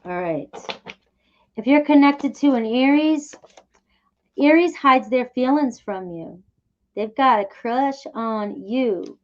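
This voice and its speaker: A woman's voice: a little high, darkish tone, dull audio. A woman doing a casual tarot reading, chatty and reassuring, often checking in with the listener. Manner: chatty, upbeat, reassuring, often asks "okay?". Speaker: tarot reader.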